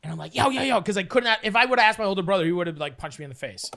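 A man's voice: sits high, lively intonation, rapid-fire. A man from Canada telling a rambling, profane story in a casual podcast chat, acting out other people's voices. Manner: rambling, profane, acts out voices with loud yelps.

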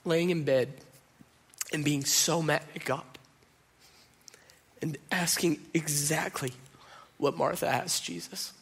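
A man preaching in a loose, conversational way, his voice sitting a little higher than most men's. He talks straight to the listeners, says "y'all", and fills his sentences with "like". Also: steady tone, takes it slowly, gravelly, pauses often, husky. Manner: casual and direct, addresses listeners as "y'all", uses filler "like". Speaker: pastor. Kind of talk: conversational sermon.

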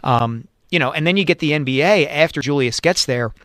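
Male co-host, measured explainer, dry close studio sound. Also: fairly high pitch, a bit bright, no room sound. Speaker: sports radio co-host. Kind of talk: sports talk radio chat.

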